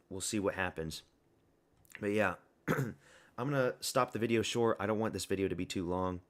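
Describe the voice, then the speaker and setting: A man's voice: low-pitched, normal speed, long pauses. A young man giving a casual, blunt and rambling fight review monologue, full of opinions and fillers. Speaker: MMA commentary YouTuber.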